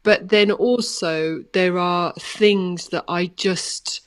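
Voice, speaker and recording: A woman's voice: lowish voice, steady tone, takes it slowly. A woman in her thirties co-hosting a podcast, telling a story in a thoughtful, earnest, casual way. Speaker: podcast co-host. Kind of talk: casual conversation.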